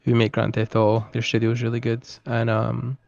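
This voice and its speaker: A young man chats easygoing as a stream guest, rambling a little between points. His voice is gravelly at a middle pitch. The audio sounds dull and muffled. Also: monotone, brisk, a little mellow. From Scotland. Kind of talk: casual livestream chat.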